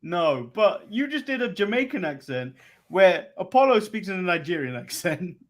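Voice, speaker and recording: A man's voice: high-pitched, big pitch swings, normal speed. A man from England co-hosting a wrestling recap show, chatting casually with frequent laughs and hesitant ums. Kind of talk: casual podcast banter.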